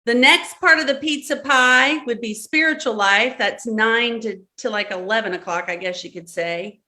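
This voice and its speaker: Bright high-voiced Southern woman teaching. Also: normal speed. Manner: repeats instructions, checks in with "okay?". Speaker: host leading a live-streamed workshop. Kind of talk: instructional talk to a live audience.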